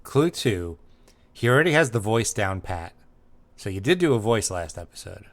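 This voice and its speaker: A man's voice: on the low side, very animated, moderate pace. A man hosting a comedy podcast, reading listener emails and teasing his co-host in dry, casual chat.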